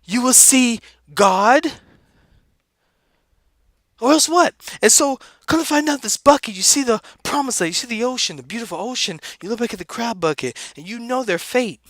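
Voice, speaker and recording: Guy doing a smoky-style high squeaky voice, preachy rant, dry close sound. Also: no room sound, full character voice. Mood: animated. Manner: animated, preachy, repeats words rapidly. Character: laid-back high-voiced street-talking comedic guy. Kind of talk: animated motivational rant.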